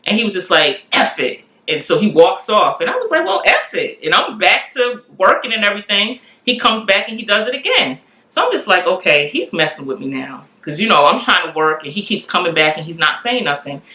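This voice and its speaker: A woman in her forties telling a candid family story in a lively way, acting out the voices of the people in it. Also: on the low side, fairly quick, hardly any pauses. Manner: animated, acts out quoted voices. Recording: echoey room.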